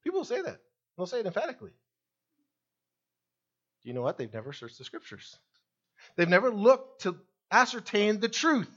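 Emphatic high-voiced male preacher, lo-fi. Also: big pitch swings, normal speed, long pauses, fairly bright tone. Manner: emphatic, fires rhetorical questions at the congregation. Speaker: pastor. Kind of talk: sermon.

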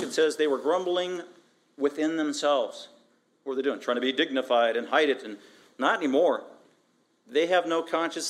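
A man preaching an expository sermon as pastor, emphatic and animated, repeating phrases and asking rhetorical questions. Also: a little high. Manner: emphatic, animated, with frequent repetition.

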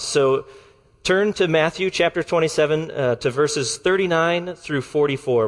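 A male pastor delivers a sermon in a measured, deliberate manner, slowing to lean on key words. His voice sits a little high for a man. The sound carries the long reverb of a large church hall. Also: a bit bright. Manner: measured, deliberate preaching with slowed emphasis.

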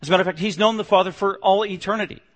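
A man preaching a sermon, swinging between loud emphatic declarations and low hushed passages. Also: racing, big-room sound. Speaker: pastor.

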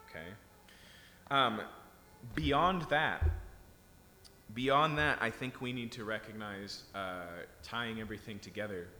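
Preaching in a chatty way that keeps checking in with his audience, this man has a fairly low voice with a bright, forceful edge. The hall is echoey, and a little background noise is present.

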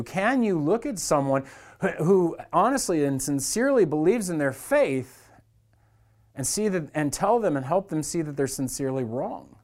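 A man's voice: a little high, sing-song, moderate pace, a little mellow. A man preaching a sermon as a church pastor, talking to the congregation in an earnest, conversational way.

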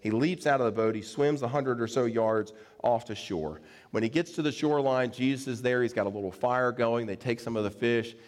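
A man's voice: medium pitch, a little fast, in a large hall. A man preaching a sermon, retelling a scripture story in a conversational, plain-spoken way with casual fillers. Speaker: pastor.

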